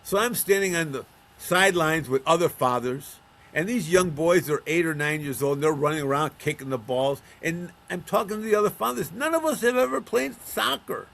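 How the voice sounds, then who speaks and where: Speaking fairly quickly in a high, somewhat bright voice with vocal fry, this man is a middle-aged or older counselor of men from Buffalo, New York. As an interview guest, he tells stories and voices the people in them.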